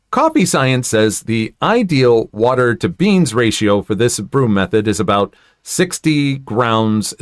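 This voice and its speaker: A man's voice: lowish voice, no echo, studio quality. A man reading online stories aloud and adding his own asides, telling them expressively. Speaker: story narrator.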